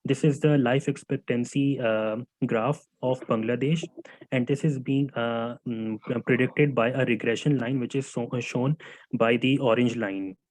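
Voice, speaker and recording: A man's voice: mid-range voice, steady tone, unhurried, a little mellow, no room sound, low-quality recording. A male student presenting answers to his teacher in class, hesitant and full of fillers, calling him sir. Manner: hesitant, many fillers and restarts.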